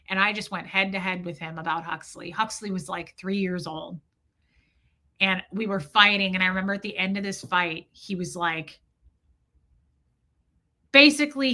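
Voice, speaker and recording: Bright-voiced woman hosting a live stream. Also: medium pitch. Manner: candid, emotional, swears freely, frequent restarts. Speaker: livestream host. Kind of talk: casual live-stream talk, reading chat.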